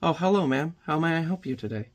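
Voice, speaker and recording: A man doing an overly polite male store clerk with a soft, stiffly courteous service voice. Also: a little high, expressive, fast talker, pitched above the performer's own voice, close to an everyday voice.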